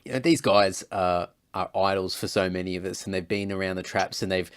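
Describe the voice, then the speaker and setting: A man hosting a podcast, chatting in a relaxed, reflective way. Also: deep voice, a little fast, clear, resonant tone. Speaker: podcast host. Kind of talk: casual interview chat.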